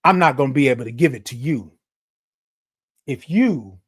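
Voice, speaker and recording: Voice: mid-range voice, animated, moderate pace, slightly rough. Passionate, emphatic live-stream host. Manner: passionate, emphatic, raises voice, preachy repetitions. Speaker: livestream show host. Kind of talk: animated live-stream talk to viewers.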